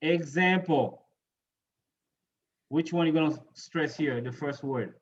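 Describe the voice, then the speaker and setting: A man's voice: a little high, takes it slowly, dull audio. A man teaching an English pronunciation lesson, patiently repeating words and quizzing his class on which syllable to stress.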